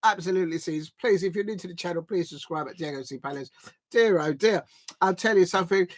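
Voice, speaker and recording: A man runs a live football watch-along stream. His talk is chatty and excitable, with quick play-by-play calls mixed with friendly asides to his viewers. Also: high-pitched.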